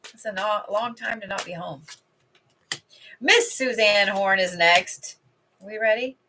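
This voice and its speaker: A middle-aged intuitive card reader talks slowly in a mid-range voice during a casual home livestream, with background noise present. She rambles and swears freely while reading cards.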